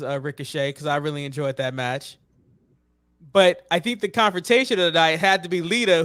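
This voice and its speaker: A high-voiced American man hosts a casual podcast chat, steering his co-hosts with questions. He is loose and chatty and swears now and then. The recording is dry and close. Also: fairly bright tone, no echo. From United States. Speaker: podcast host.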